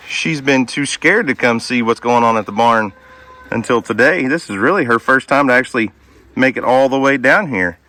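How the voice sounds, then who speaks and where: A man's voice: medium pitch, bright, forceful tone. A man chatting casually and jokingly to his farm animals outdoors at a barn. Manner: joking, coaxing, talks to animals like pals. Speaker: homesteader vlogger.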